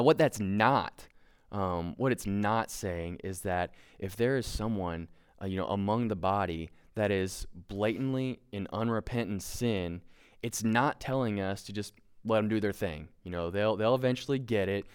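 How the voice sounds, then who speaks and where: Smooth-voiced man preaching casually. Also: fairly low pitch, moderate pace. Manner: conversational, many fillers and restarts, self-deprecating humor. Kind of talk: casual sermon.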